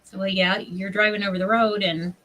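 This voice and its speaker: A woman, hosting a craft livestream and telling stories in an animated way, laughing often. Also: mid-range voice, fairly quick, distant mic, rough recording. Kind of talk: casual chat while crafting.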